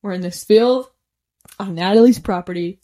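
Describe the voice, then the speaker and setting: A podcast host tells a personal story in a casual, chatty way, laughing often and filling her sentences with "like." Her voice is mid-range and warm, at a moderate pace.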